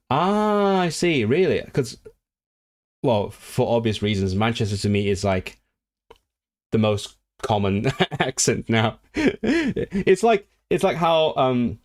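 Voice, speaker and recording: A man's voice: mid-range voice, animated, slow. A man from Hong Kong hosting a language livestream, reading viewer comments aloud and rambling through his replies with many restarts. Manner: rambling, self-correcting, reads viewer comments aloud and responds animatedly.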